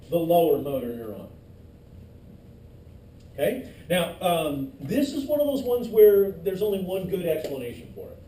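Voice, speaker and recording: A man's voice: sits high, dark tone. A male instructor giving a classroom lecture, loose and joking with his students. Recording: echoey classroom from far off, faint noise.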